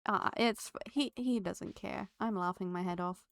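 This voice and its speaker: A woman's voice: mid-range voice, unhurried, vocal fry, a bit bright, a little hiss or hum. A woman live-streaming a game, chatting to her viewers and laughing often. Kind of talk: live gameplay streaming chat.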